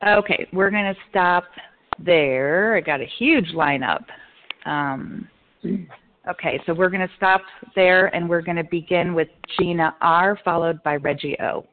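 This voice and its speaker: A woman leading a phone meeting, friendly and organized, a little hurried as she calls the lineup. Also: lowish voice. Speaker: meeting leader. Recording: phone line.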